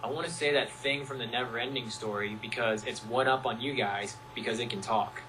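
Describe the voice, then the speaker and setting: A man's voice: mid-range voice, fairly even intonation, fairly quick, background noise. A young man, a music producer, chatting casually in an interview and acting out quotes as he rambles through playful stories. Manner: playful, rambling storyteller who acts out quotes. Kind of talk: casual chat.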